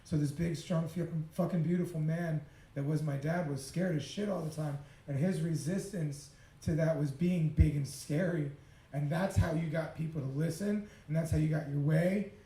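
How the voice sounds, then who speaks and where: A man's voice: a little high, fairly even intonation, normal speed, warm tone, echoey room, low-quality recording. A man telling a confessional personal story, swearing freely and laughing often. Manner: profane, emotional, laughs often. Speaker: speaker sharing a personal story. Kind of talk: raw confessional storytelling talk.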